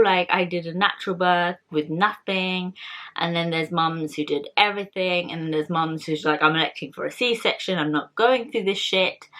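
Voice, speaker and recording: A young woman talks in a candid, rambling way, full of fillers and restarts. Her voice sits low for a woman. It is relaxed, everyday vlog chat. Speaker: vlogger. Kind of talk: casual chat.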